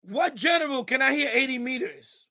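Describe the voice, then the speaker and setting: A man's voice: extremely high pitch, normal speed, bright, forceful tone. A man hosting an amateur radio livestream, in an angry, profane, repetitive rant. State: mad. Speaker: ham radio livestream host.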